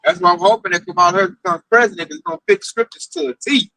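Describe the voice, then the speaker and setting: A man's voice: sits high, animated, racing, gravelly, bright, forceful tone, dry recording, poor audio. A man teaching at a religious camp, preaching to the group and reading scripture aloud.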